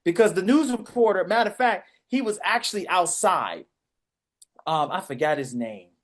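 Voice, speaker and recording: Dc man telling a story on a podcast, loud and animated, does all the voices. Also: high-pitched, moderate pace. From Washington, DC. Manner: animated, acts out voices and shouts. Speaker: podcast co-host. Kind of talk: casual storytelling.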